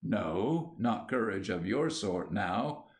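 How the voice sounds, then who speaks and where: A man's voice: on the low side, animated, takes it slowly. A man voicing an earnest, troubled younger man who speaks in an urgent, pleading way.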